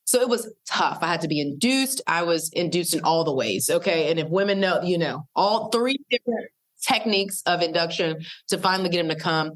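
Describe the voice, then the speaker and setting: A woman in her thirties speaks in a fairly low voice, telling her stories with animated energy. She slips into quick impressions of the people she quotes. She sounds like a podcast guest talking casually. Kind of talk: animated storytelling in casual conversation.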